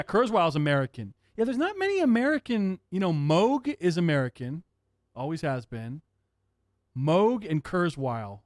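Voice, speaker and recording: Man, livestream host, casual chat, excitable, swears a lot, higher voice, dry sound. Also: no room sound. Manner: excitable, profane, laughs often.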